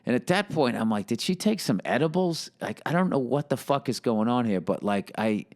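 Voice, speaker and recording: A man in his fifties tells a story as a podcast host. He rants in a profane, sardonic way. His voice sits at an ordinary middle pitch. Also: lively intonation, a little fast, darkish tone. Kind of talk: casual storytelling monologue.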